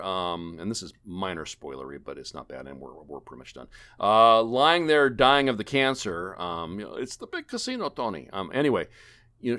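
A man with a low voice hosts a casual gaming podcast. His pitch swings widely as he rambles and jokes, often restarting his sentences. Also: fairly bright tone. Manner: rambling, jokey, many fillers and restarts. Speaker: podcast host. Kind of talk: casual gaming podcast chat, wrapping up the show.

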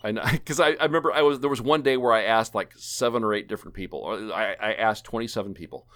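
A man's voice: lowish voice, quick pace, a bit bright. A man hosting a casual gaming podcast, rambling and joking with many fillers and restarts. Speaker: podcast host. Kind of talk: casual gaming podcast chat, wrapping up the show.

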